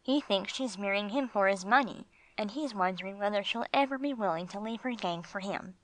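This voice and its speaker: A woman voicing a gruff, streetwise male bulldog with slangy tough-guy talk, read for an audiobook. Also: mid-range voice, fairly quick, close to an everyday voice, low-quality recording. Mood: blunt.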